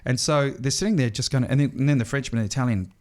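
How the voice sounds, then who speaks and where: Speaking rapid-fire in a mid-range voice, a middle-aged Australian man, a stage entertainer, spins stories during a podcast interview. His delivery is lively and littered with restarts and filler words.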